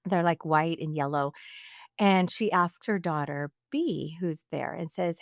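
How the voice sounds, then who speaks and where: A woman co-hosting a podcast, telling a story in a casual, animated way and acting out the quoted lines. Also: sits low, a little slow, no echo, clean studio sound. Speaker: podcast co-host.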